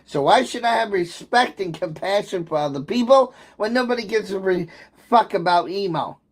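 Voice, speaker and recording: A man's voice: sits high, expressive, moderate pace. A man in an angry livestream rant, bitter, aggrieved and heavy with profanity, agitated and sometimes near tears.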